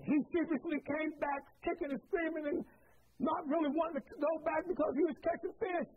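A middle-aged man preaching a sermon, telling a story with repeated phrases and building to shouts. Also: extremely high pitch, fairly even intonation, fairly quick. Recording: tinny phone-like sound.

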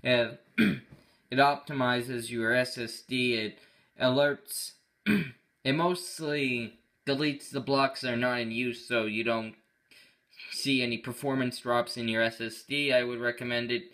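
A man's voice: medium pitch, unhurried, a bit bright. A man hosting his own tech channel, talking casually through a computer walkthrough with an offhand, rambling manner, often correcting himself mid-sentence.

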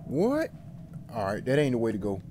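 A man streaming a horror game, jittery, talking back to it and insisting he is not scared, swinging between loud outbursts and low muttering. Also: very fast, background noise. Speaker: gaming streamer.

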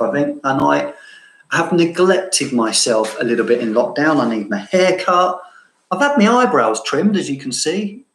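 Man, London accent with a touch of Cambridge, unhurried and a bit high, self-mocking vlogger chat. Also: roomy sound, a little hiss or hum, rough recording. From southeast London. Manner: chatty, self-mocking, laughs often. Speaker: fragrance vlogger. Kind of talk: casual chat answering viewer questions.

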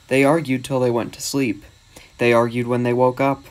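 A man narrates a children's storybook in a steady, measured way. His voice sits at an ordinary middle pitch for a man.

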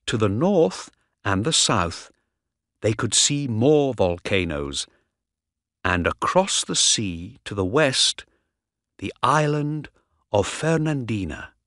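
A man narrating a graded reader story aloud, slow, deliberate and expressive. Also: fairly low pitch, dry recording, studio quality. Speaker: audiobook narrator.

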